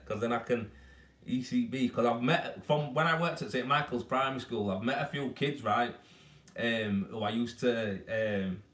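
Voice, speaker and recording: Laid-back Yorkshire man, low voice, echoey. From Yorkshire, England. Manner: laid-back, matey, rambling. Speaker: renderer hosting a live stream. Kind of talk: casual live-stream chat answering viewers. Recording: echoey room, mic at a distance.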